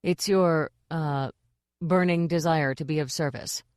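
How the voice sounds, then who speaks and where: A woman voicing a gentle, polite male king who was once a jester. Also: low-pitched, unhurried, smooth, no room sound, clean studio sound. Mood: fretful. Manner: soft, polite, fretful.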